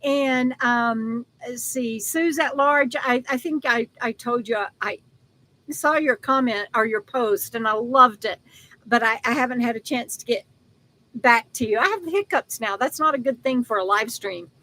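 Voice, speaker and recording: Older woman, live-stream host, chatty and affectionate, high bright voice, halting delivery. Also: poor audio. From Texas. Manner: chatty, affectionate, laughs often, halting with fillers and restarts. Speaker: livestream host. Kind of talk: casual live-stream chat reading comments.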